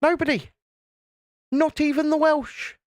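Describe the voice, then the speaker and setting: With a very high-pitched voice, a level tone and a measured pace, this UK channel host jokes through a relaxed live stream, reading out viewer comments as he builds. The sound is clean studio audio without echo.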